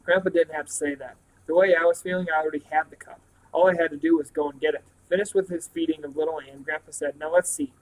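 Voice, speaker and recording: A man reading a novel aloud, telling the story in a plain, steady way with a few small slips. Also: fairly high pitch, quick pace, rough recording. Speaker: reader.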